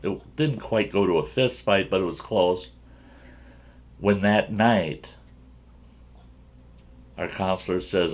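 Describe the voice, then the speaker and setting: Gravelly folksy storyteller man. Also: deep voice, animated, a little slow, long pauses. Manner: rambling, chuckles as he talks. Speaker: storyteller, channel host.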